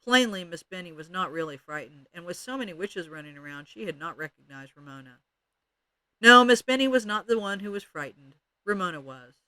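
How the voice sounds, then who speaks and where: A man's voice: sits high, expressive, brisk, pushed and bright, dry recording. A man expressively reading a children's chapter book aloud. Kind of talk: read-aloud storytelling.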